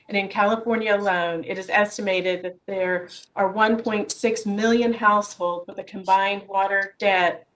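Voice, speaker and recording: Testifying remotely before a Senate hearing, a woman reads her prepared remarks in a measured fashion from her office via video call. She has a mid-range voice, and the recording is low quality.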